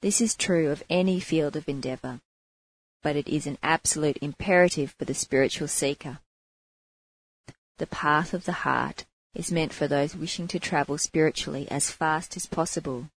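A woman's voice: low-pitched, normal speed, breathy edge, no echo, low-quality recording. A woman as a spiritual teacher, giving an earnest inspirational talk and telling a story to her class.

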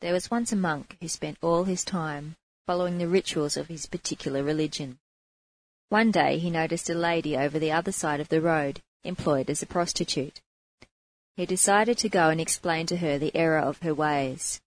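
Low-voiced woman teaching spiritual class. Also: normal speed, dry recording, low-quality recording. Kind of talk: spiritual class talk and storytelling.

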